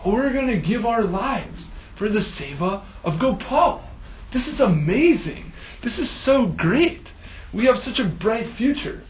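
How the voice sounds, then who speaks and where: A man voicing a fish from a spoken story who gushes with excitement. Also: sits high, measured pace, pitched above the performer's own voice. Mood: gushing. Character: giddy male fish thrilled about its fate.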